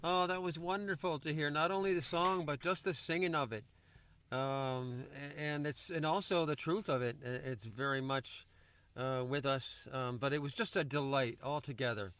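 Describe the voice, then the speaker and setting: A man from Western Massachusetts spins a folksy spoken word tale in a lilting, chuckling way. His voice sits a little high and sounds bright and forward. It is recorded in a dry car interior. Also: normal speed, clean tone, dry recording. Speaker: singer-songwriter. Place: inside a car. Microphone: computer or phone mic for an online meeting.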